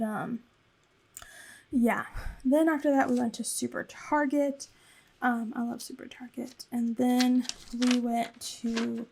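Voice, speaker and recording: Creaky-voiced young woman vlogger. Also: fairly high pitch, darkish tone. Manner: rambling and chatty, with frequent fillers. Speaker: planner vlogger. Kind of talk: casual voice-over recap.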